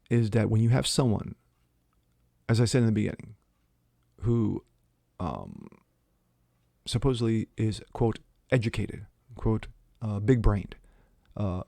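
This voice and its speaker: A man with a low, dark voice reads news stories aloud and cuts in with scornful, sarcastic remarks. The recording is dry and close, with no room sound. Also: a little slow, vocal fry, pauses often, dry recording. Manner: sarcastic, mocking asides between quoted passages. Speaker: commentary channel host. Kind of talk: opinion commentary reading news aloud.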